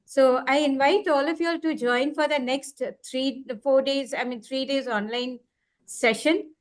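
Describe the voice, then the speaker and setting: A woman trainer explaining activities in a live online workshop over a video call, repeating key words and slowing down for examples. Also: high voice, fairly even intonation. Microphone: computer mic on a video call.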